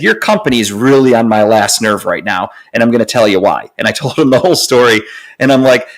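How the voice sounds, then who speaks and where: A young man tells a story on his podcast in a loose, animated way. He swears freely and fills gaps with ums and likes. His voice sits at an ordinary middle pitch. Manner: animated, profane ranting with lots of fillers. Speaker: podcast co-host. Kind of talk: casual storytelling chat.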